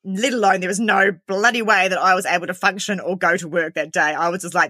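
A woman's voice: fairly low pitch, sharp tone, husky, dry recording, studio quality. A woman, candidly retelling a personal ordeal and acting out the lines of everyone in it. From New Zealand. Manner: candid, quick, full of quoted dialogue. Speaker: interviewee. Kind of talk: recounting a personal story.

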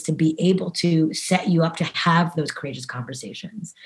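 A woman guest on a podcast talks in a low, easy voice, earnest and animated. She spills out her thoughts with plenty of fillers and restarts. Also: normal speed. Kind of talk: casual interview talk.

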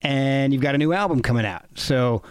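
A man's voice: mid-range voice, fairly quick, clean tone, no echo. A man hosting an interview podcast, asking questions and giving short encouraging reactions. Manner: encouraging, brief reactions and laughs. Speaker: podcast host.

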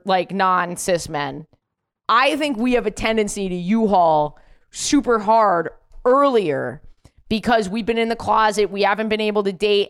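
A comedian woman co-hosting a podcast, chatting casually and swearing as she tells animated stories. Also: mid-range voice, smooth. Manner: animated storyteller, swears freely. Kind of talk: casual chat.

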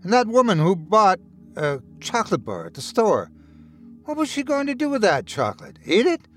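A man voicing a menacing, mocking male doctor who taunts in a slow, hushed voice. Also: sits high, huge pitch swings, faint music behind, pitched above the performer's own voice.

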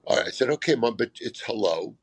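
A man's voice: medium pitch, lively intonation, quick pace, vocal fry, no room sound. A man in casual conversation, a guest comedian telling rambling, self-deprecating anecdotes with frequent restarts. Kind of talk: casual storytelling chat.

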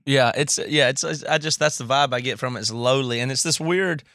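A man with a Southern US accent hosting a podcast, talking fast and self-deprecating in casual chat. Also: medium pitch, a bit bright, no room sound, studio quality. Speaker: podcast host.

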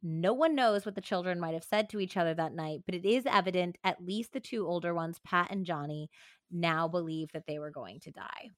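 A woman's voice: lowish voice, fairly quick, no room sound, studio quality. A young woman hosting a true crime podcast, reading from a book and chatting casually. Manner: reads book excerpts, then chats casually with filler "like". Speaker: podcast host.

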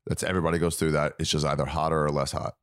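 Deep-voiced man, crude comic storyteller, dry close sound. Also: flat delivery, rapid-fire, smooth, no echo. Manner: crude, blunt storytelling with acted-out quotes. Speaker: comedian guest. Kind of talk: casual podcast chat.

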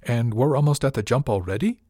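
Gushing older rich lady, as a man puts her on, effusive, purring, raised pitch, dry sound. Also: a little fast, mellow, no room sound, natural voice.

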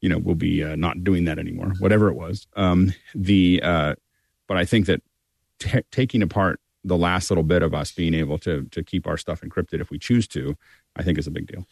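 Fast husky low-voiced man. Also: steady tone, darkish tone, no room sound. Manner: rambling, many restarts, emphatic. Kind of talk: casual discussion.

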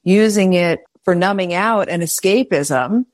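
A woman's voice: lowish voice, unhurried, dry recording, studio quality. A woman in casual interview chat, agreeing briefly and speaking earnestly.

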